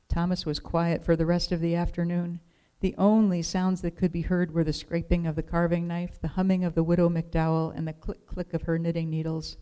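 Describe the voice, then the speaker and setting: A woman reading a children's storybook aloud in a gentle, measured way. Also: lowish voice, level tone, smooth, rough recording.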